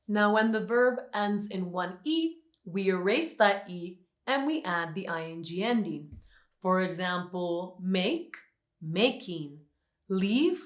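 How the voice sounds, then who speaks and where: Slow, careful woman teaching English. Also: mid-range voice, fairly bright tone, reverberant. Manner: slow, careful, repeats example words for practice. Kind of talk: scripted grammar lesson.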